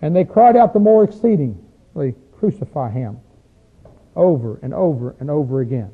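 Male preacher, high-pitched and folksy, asks the room rhetorical questions. Thin phone-like recording. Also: very animated, breathy edge. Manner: rises into loud, drawn-out chanting when acting out crowds in the text. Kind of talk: conversational sermon with scripture reading.

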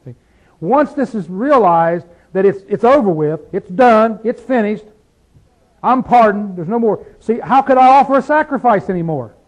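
A man teaching a Bible study like a sermon, fervent, firing rhetorical questions and dropping from loud to hushed. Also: high-pitched, animated, moderate pace, poor audio.

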